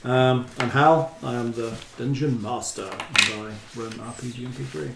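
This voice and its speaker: Man, game master at the table, mid-pitched and jokey, roomy table recording. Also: steady tone, creaky, very noisy. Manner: jokey, chatty, quick to laugh. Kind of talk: casual tabletop game chat.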